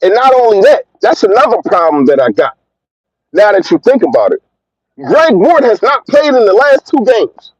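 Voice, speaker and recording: A man's voice: sits high, sing-song, normal speed, breathy edge, dry recording, lo-fi sound. A man hosting a fan livestream, ranting in a heated, emphatic way and repeating his points. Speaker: fan channel host.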